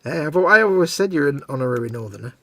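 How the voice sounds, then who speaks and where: A man's voice: a little high, lively intonation, fast, fairly bright tone. A man, co-hosting a casual livestream and reading out viewer comments. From northern England. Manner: chatty, reads out viewer comments. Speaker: co-host of a livestream. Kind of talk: casual chat.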